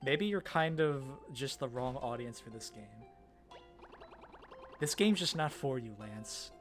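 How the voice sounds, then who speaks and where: A man's voice: medium pitch, lively intonation, a little slow. A man co-hosting a game mod stream, rambling casually with frequent laughs and casual swearing. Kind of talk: casual let's-play commentary. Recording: faint music in the background.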